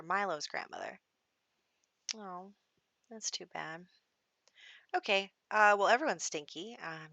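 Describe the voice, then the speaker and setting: A woman's voice: mid-range voice, sharp tone, dry recording, highs cut off. A young adult woman giving casual, rambling commentary over a life-sim game, with lots of fillers and little laughs. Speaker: gameplay commentator.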